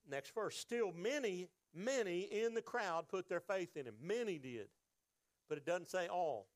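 A man's voice: high voice, animated, measured pace, dry recording. A man preaching a sermon, reading scripture and acting out crowd voices with emphatic delivery. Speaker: pastor.

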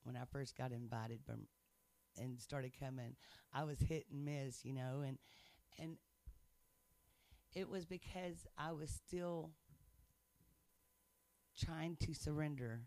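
A man's voice: medium pitch, steady tone, takes it slowly, pauses often, a little mellow, dry recording. A man sharing his faith testimony in casual chat, earnest and playful, laughing often.

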